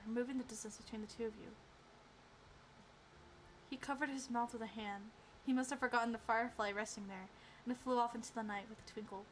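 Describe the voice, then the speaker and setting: A woman streamer reading a visual novel aloud and reacting excitedly between calm narration. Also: a little high, slight background noise.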